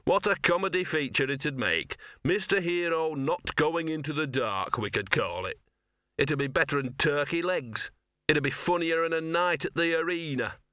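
A man's voice: mid-range voice, moderate pace, sharp tone, clear, resonant tone, dry recording, clean studio sound, close to an everyday voice. A man voicing a grumbling scruffy talking dog. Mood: mocking. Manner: grumbling, world-weary, wheezing. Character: scruffy cynical small talking male dog. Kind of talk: audiobook character voice.

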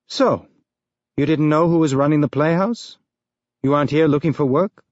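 In a dull, dry lo-fi recording with no echo, a man voices a jovial, tall male police inspector on a space station, trading blunt, sardonic cop banter in a wry mood. His voice sits on the high side, pitched above his own yet close to an everyday voice, at a moderate pace and a little mellow.

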